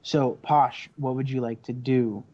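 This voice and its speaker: A man's voice: medium pitch, steady tone, a little slow, mellow. A man narrating as game master of a tabletop game, in loose, hesitant speech full of fillers. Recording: dull lo-fi recording.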